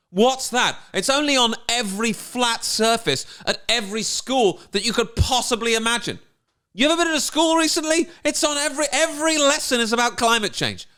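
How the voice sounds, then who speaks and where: A man's voice: very high-pitched, lively intonation, fairly quick, bright, forceful tone, clear, resonant tone. A man, a comedian ranting sarcastically, mocking and indignant. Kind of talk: ranting commentary.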